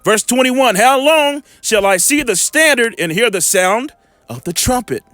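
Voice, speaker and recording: A man's voice: extremely high pitch, animated, a little slow, fairly bright tone, no room sound, soft background music. A man giving an informal scripture lesson in a rambling way, often checking in with his listeners and making blunt, profane asides. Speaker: bible teacher. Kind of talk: informal scripture teaching and commentary.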